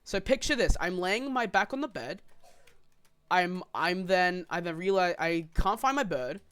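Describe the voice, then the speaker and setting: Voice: mid-range voice, animated, measured pace, a bit bright, clean tone. A young person casually rambling through a story on a podcast, swearing freely and laughing along. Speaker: podcast co-host.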